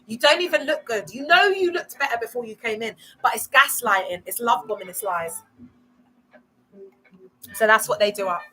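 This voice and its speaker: Sassy woman with a bright voice. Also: a little high, normal speed, long pauses, slightly rough, poor audio. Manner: sassy and slangy, laughs often. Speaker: vlogger discussing cults. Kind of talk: casual livestream talk.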